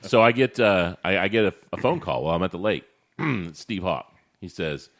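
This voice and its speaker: A man, a podcast co-host telling stories in casual chat, animated, swearing and acting out quotes. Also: low voice, fairly quick.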